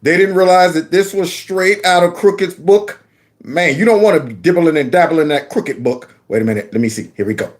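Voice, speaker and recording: A man's voice: fairly high pitch, brisk. A man hosting his own channel, giving mocking political commentary on video clips with sudden squeals and laughs. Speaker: channel host.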